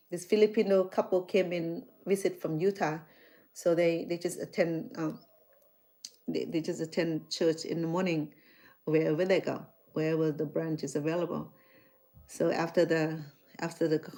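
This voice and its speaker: A middle-aged woman from Cambodia with a Cambodian accent, chatting casually to her viewers and acting out conversations as she tells stories. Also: medium pitch. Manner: animated storytelling, acts out dialogue, frequent restarts. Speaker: chef and vlogger.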